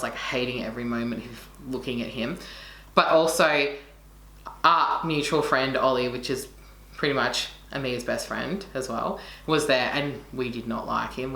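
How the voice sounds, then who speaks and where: A woman's voice: a bass voice, moderate pace, pushed and bright. A young woman telling a story in casual chat, passionate and swearing freely as she acts out what people said. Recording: echoey room with faint noise.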